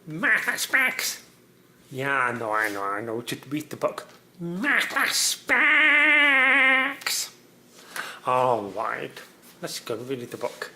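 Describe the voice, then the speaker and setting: A father talking casually in a home video, making low, dry, gently teasing remarks. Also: normal speed, vocal fry, a little hiss or hum.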